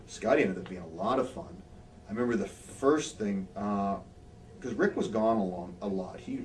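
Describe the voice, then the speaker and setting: A man with a fairly low voice tells backstage stories in a dry, wry way, dipping into quick impressions of others. He sits a little off the microphone, and faint ambient hiss hangs under his words. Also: darkish tone, recorded from a distance, low-quality recording. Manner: wry anecdotal storyteller, acts out quotes. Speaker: interviewed former pro wrestler. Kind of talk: shoot interview storytelling.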